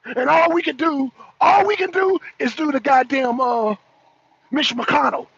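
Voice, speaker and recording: A man on a political talk show ranting loudly, swearing and repeating himself, sometimes breaking into laughter. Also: extremely high pitch, unhurried, vocal fry, dry recording. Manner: loud, profane, repetitive ranting. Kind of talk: heated political rant. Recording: dull lo-fi stream audio.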